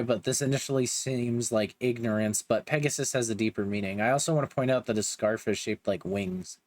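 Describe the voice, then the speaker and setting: A man's voice: mid-range voice, dry recording. A young man giving a casual, joking recap of a manga, with slangy asides. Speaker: manga reviewer.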